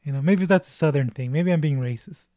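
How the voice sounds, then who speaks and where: A man's voice: a little high, quick pace, warm tone, no echo, clean studio sound. A man chatting casually about a movie, laughing often and retelling scenes.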